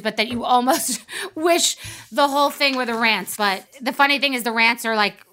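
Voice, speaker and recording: A woman podcast host in full comic-rant mode, talking in animated, rambling bursts full of asides. Her voice sits a little high and rings bright and crisp. She piles joke onto joke as she tells the story. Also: moderate pace. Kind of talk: comic rant, then guest introduction.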